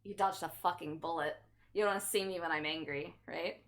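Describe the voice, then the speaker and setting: A woman's voice: fairly low pitch, fairly even intonation, fairly quick. A woman livestreamer chatting casually with her chat in a playful, teasing, mock-offended way.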